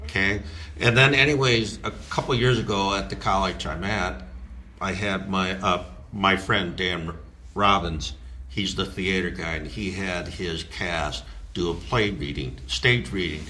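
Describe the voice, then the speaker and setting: Man, very low voice, bright edgy tone, storytelling, faint background hum. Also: a little slow. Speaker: writer, college teacher. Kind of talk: casual podcast chat.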